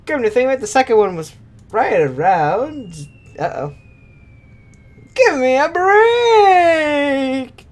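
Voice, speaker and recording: A woman's voice: sits high, very animated, takes it slowly, pauses often, voice pushed up, heavily acted. A woman voicing a boastful, scheming male octopus villain in a game, taunting theatrically. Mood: gloating.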